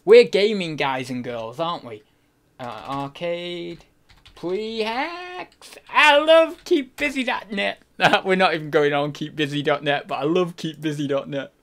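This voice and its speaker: A young man streaming live, talking straight to his viewers in a loose, rambling way. He tosses out jokes and random facts between chatter, and his voice sits a touch higher than most men's. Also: a bit bright. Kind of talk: casual live-stream chat.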